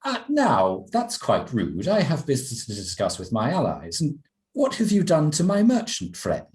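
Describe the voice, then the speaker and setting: A man's voice: low-pitched, wildly swooping pitch, slow, exaggerated voice. A man voicing a haughty noblewoman who turns sulky when things go wrong, with a prim, clipped, indignant way of speaking.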